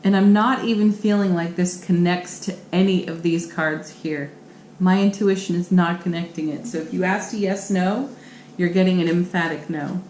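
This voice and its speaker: A woman's voice: fairly low pitch, steady tone, moderate pace, darkish tone, slight background noise. A woman giving a tarot card reading on her channel, speaking in an encouraging, affirming way. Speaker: tarot reader. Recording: echoey room with faint ambience.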